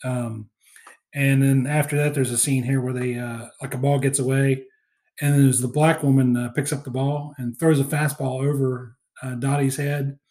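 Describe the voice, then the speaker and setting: A man's voice: medium pitch, little pitch movement, normal speed, warm tone. Rambling man recapping a movie. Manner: rambling, many fillers, acts out quoted lines. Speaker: podcast co-host. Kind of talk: casual chat recapping a movie.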